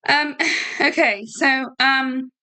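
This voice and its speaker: British woman chatting on a livestream, slow and rambly, giggles a lot, fillers everywhere. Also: high-pitched, fairly even intonation, bright, forceful tone, clear, resonant tone. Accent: British English. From United Kingdom. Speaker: livestream host. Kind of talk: casual livestream chat.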